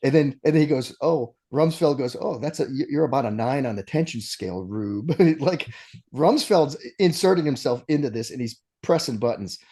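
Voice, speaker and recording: A man's voice: mid-range voice, moderate pace, slightly rough. A man co-hosting a casual movie podcast, retelling scenes with laughs and restarts. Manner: animated storytelling with frequent laughs and restarts. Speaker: podcast co-host.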